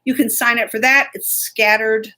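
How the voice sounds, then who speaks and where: A woman's voice: a little high, fairly even intonation, moderate pace, sharp tone. A woman hosting a casual live stream, chatty and laughing often as she greets viewers by name. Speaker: host.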